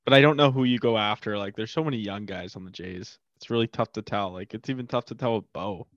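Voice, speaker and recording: A man's voice: fairly low pitch, fast talker, dry recording. Teasing man on a dull, dry mic. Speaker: podcast co-host. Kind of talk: casual chat.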